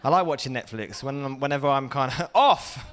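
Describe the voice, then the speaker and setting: A man doing a stand-up comedy set on a festival stage, animated and jumping into loud, high-pitched impressions. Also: a little fast.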